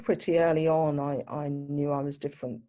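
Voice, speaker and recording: A British woman recalling her childhood in a reflective, measured way. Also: deep voice, level tone, warm tone. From Britain. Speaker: interviewee. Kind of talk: personal reminiscence.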